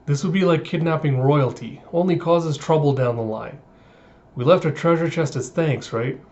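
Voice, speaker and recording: A man's voice: a little high, moderate pace, a little mellow, natural voice. A man reading as a stern old pirate captain. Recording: dull lo-fi audio.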